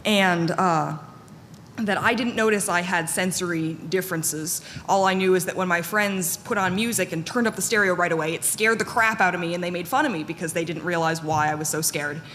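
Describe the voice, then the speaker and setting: A woman's voice: on the low side, fairly quick, fairly bright tone. Candid woman speaking in a reverberant hall. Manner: candid, self-deprecating, with frequent fillers and restarts. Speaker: conference panel speaker. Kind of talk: personal talk to an audience. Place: conference hall with audience. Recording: long hall reverb, faint room noise.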